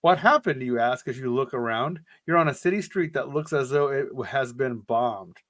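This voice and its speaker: A man co-hosting a podcast, chatting and joking while reading an adventure gamebook aloud. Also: medium pitch. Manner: jokey, animated, quick asides. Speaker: podcast co-host.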